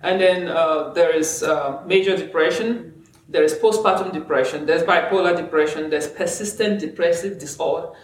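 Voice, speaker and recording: A middle-aged woman, a clinician, telling her story in a casual chat, animated and laughing often as she acts out what people said. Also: deep voice, normal speed, roomy sound. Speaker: clinician guest. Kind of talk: casual conversation.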